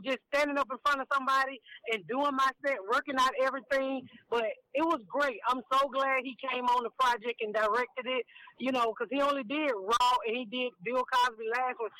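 A woman comedian in her fifties, a guest on a phone interview, talking frankly and down to earth in animated stories. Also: sits high. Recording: tinny phone line.

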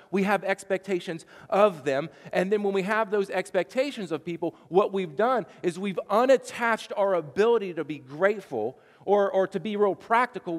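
A man's voice: high voice, long reverb tail. A man preaching a sermon as pastor, telling a chatty story with frequent stammered restarts.

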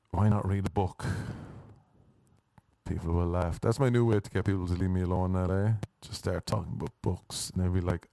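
A man's voice: low voice, steady tone, fairly quick, dark tone, no room sound. A man doing a rambling, self-deprecating comic monologue, dropping wry asides and slipping into mock voices.

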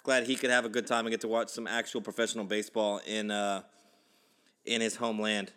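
A man's voice: fairly low pitch, flat delivery, brisk, a bit bright, clear, resonant tone. Rambling man talking baseball. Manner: rambling, with frequent restarts and swearing. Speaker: podcast co-host. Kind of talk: casual sports chat.

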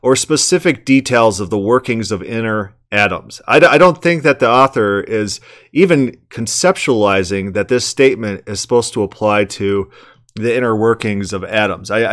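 A man's voice: fairly low pitch, normal speed, a bit bright. A man commenting on a sermon clip, emphatic and argumentative, asking rhetorical questions and often repeating words.

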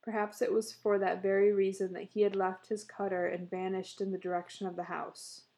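A woman reads a short story aloud at a steady, measured pace. Her voice is gravelly, with a dark, mellow tone. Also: medium pitch. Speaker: narrator.

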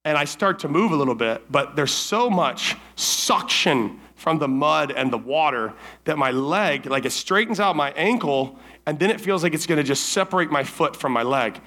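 Bright-voiced man telling a camp story. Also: a little high, moderate pace, hardly any pauses. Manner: animated, acts out his own quoted lines; casual, many fillers like "like" and "right?". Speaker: camp evening speaker. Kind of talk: storytelling sermon to teens.

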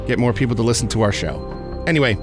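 A man's voice: mid-range voice, quick pace, over music. A man hosting a tabletop game podcast, chatting casually and laughing often with his players.

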